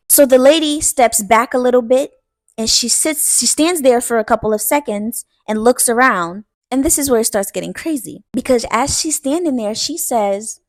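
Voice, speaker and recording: A woman's voice: lively intonation, fairly quick, no room sound. A woman telling a scary story in a casual, chatty way, speaking straight to her viewers and acting out the quoted lines. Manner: chatty, addresses viewers directly; acts out quoted lines with pitch jumps.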